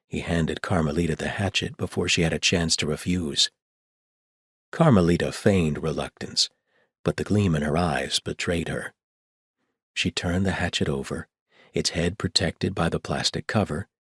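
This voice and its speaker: A man narrating an audiobook in a steady storytelling delivery, on a close studio mic. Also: low voice, normal speed, breathy edge, no room sound. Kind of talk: scripted narration.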